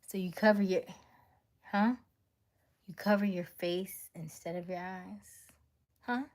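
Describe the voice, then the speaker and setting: A woman's voice: on the low side, fairly even intonation, a little slow. A woman livestreaming, chatting playfully with her viewers and laughing often. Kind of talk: casual livestream chat with viewers.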